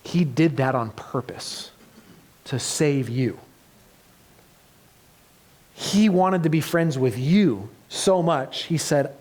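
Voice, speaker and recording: A man preaching a sermon as pastor, earnest, moving between loud emphatic passages and soft hushed ones. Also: medium pitch, lively intonation, slow pace, long pauses. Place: church.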